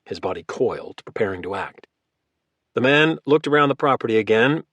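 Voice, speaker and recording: A man's voice: medium pitch, animated, a little fast, fairly bright tone, no room sound. Man narrating a thriller audiobook.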